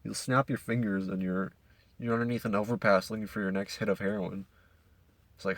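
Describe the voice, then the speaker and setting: A man's voice: fairly low pitch, steady tone, fairly quick, dry recording. A young man from Canada ranting casually as a podcast host, profane and rambling with many restarts.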